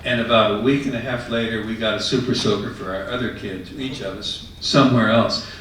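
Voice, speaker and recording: A man telling a personal story to an audience in a conversational, animated way. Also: on the low side, fairly quick, a little hiss or hum. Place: retirement residence common room. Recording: echoey room, mic far off.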